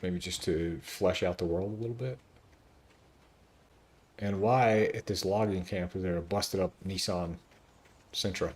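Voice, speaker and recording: A man streaming a video game, chatting casually and joking as he thinks out loud. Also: deep voice, unhurried, pauses often. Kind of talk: casual gameplay commentary.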